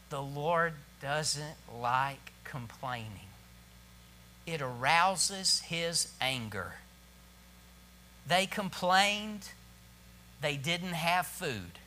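A man preaching a sermon to his church, swinging from hushed tones to loud emphatic bursts. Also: a little high. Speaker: pastor.

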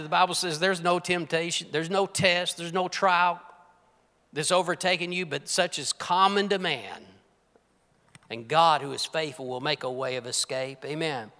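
A man preaching a sermon as pastor, dropping to hushed whispers and rising to emphatic, forceful lines. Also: high-pitched. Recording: long hall reverb.

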